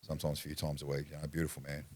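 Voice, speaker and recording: A man with an Australian accent and an extremely deep voice recounts his past in a blunt, rambling way, swearing freely. The sound is close and dry, with no room echo. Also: completely flat delivery, very fast, a little mellow. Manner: rambling, restarts sentences. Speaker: podcast guest. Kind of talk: candid personal storytelling.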